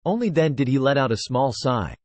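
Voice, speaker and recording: A man's voice: mid-range voice, lively intonation, brisk, darkish tone, no echo. A computer-generated male voice reading a fantasy web novel aloud, at times speaking the punctuation marks. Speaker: audiobook narrator.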